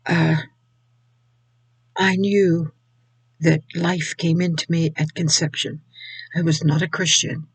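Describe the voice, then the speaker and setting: Slow, gravelly older woman. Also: low voice, no echo, rough recording. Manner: halting, repeats words. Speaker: Christian video speaker. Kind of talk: personal faith testimony.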